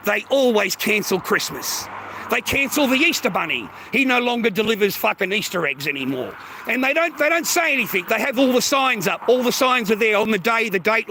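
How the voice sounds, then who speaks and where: A man with an Australian accent rants at his livestream viewers, taunting them and swearing freely. His voice sits high for a man, with a gravelly edge and a sharp, bright tone. Faint noise hums in the background. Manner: aggressive, taunting, heavy swearing. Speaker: livestream host. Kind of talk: profane livestream rant.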